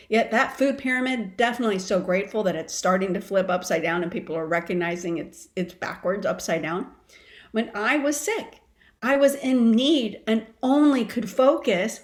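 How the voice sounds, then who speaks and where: A woman in her fifties, a wellness coach, telling her story in an animated, expressive way during a casual interview. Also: a little high.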